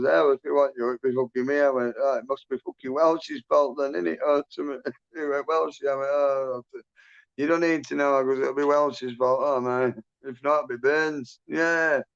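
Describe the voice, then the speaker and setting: A man's voice: medium pitch, steady tone, normal speed, vocal fry, clear, resonant tone, highs cut off. A man hosting a livestream, telling a rambling story in casual chat, swearing constantly and laughing as he goes. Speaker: livestream host.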